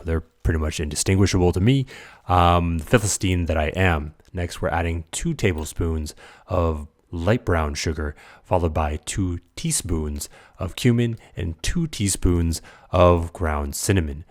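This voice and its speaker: A man hosting his own cooking video, talking through each step in a casual voice-over with playful, jokey asides. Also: sits low. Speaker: cooking channel host.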